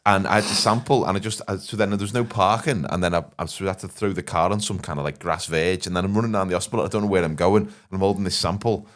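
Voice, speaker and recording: A man with a fairly low voice who talks very fast. He co-hosts a casual pub-style podcast, racing through rambling, bawdy anecdotes and throwing in quick quips. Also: fairly even intonation, fairly bright tone. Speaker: podcast co-host.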